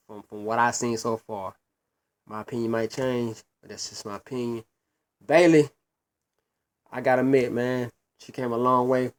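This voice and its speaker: A man reviewing wrestling shows in a casual solo rant, blunt and profane, stumbling and repeating words as he gets worked up. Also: medium pitch.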